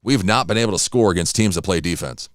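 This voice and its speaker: A man with a low voice and a quick pace hosts a solo morning radio show, chattily drifting between sports scores and snacks and talking while he eats. The studio audio is clean and free of room sound.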